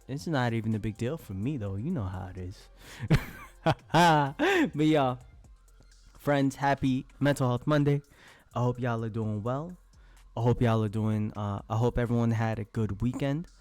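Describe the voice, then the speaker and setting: Lively, laughing male streamer. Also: mid-range voice, no room sound. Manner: playful, laughs often, tries silly voices. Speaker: live streamer. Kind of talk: casual live-stream chat.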